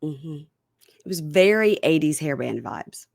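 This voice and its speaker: Lively woman recapping a reality show. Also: low-pitched, unhurried, gravelly, dry recording, studio quality. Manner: animated, acts out quotes in funny voices. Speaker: podcast host.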